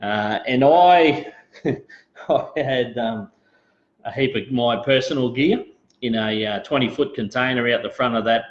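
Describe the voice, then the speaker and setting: A man's voice: medium pitch, unhurried. Rambling Australian man on a live stream. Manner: rambling, laid-back, greets viewers, frequent fillers. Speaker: live show host. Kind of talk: casual live-stream chat. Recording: roomy, dull lo-fi live stream audio.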